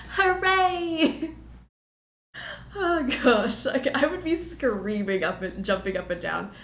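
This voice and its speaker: A woman's voice: medium pitch, big pitch swings, moderate pace. A young woman streaming a game, chatting playfully and repeating herself as she plays. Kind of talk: casual gameplay commentary. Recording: roomy sound with game music behind. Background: game music.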